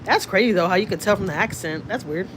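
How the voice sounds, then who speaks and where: A woman's voice: medium pitch, lively intonation, fast, background noise. A woman from Houston, Texas with a Houston accent, chatting casually with viewers on a livestream from a car, reading comments and swearing freely. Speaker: vlogger, channel host. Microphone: phone.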